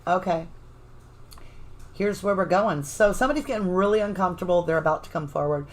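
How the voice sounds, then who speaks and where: A woman's voice: fairly low pitch, fairly quick, poor audio. A woman with a Southern US accent giving a live tarot reading, chatting affectionately with viewers and cheering them on. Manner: energetic cheerleading. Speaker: tarot reader.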